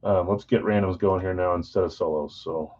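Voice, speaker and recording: A man with a fairly low voice hosts a live card break. He runs through names and teams in a relaxed, chatty way and talks straight to his viewers. The sound is a little dull and lo-fi, like plain stream audio. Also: a little fast. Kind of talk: casual live-stream chat, reading out team assignments.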